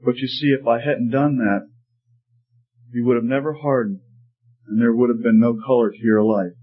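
A man playing a patient old potter who explains his work in a calm, reassuring way. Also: mid-range voice, moderate pace, breathy edge, natural voice. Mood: gentle. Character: patient wise old potter, gentle master. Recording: slightly muffled recording.

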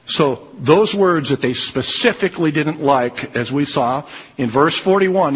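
A man's voice: mid-range voice, a bit bright, slightly rough, big-room sound, dull audio. A man preaching a sermon, emphatic and repeating his key phrases.

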